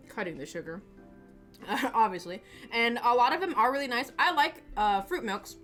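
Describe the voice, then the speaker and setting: A woman's voice: medium pitch, a bit bright. A woman hosting a casual livestream from a small home studio, chatting in a rambling way with frequent restarts and laughs. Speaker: livestream host. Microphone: desk camera mic.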